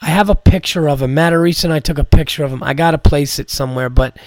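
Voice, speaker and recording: A man's voice: a little high, fast, no echo, studio quality. A man, a comedian hosting a podcast, telling a rambling story full of swearing and "like" fillers. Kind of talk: casual storytelling.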